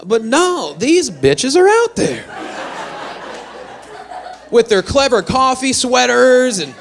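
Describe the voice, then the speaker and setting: A man performing a stand-up comedy set, telling animated, self-deprecating stories. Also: extremely high pitch, slow pace, gravelly, a little hiss or hum. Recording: live venue with faint audience.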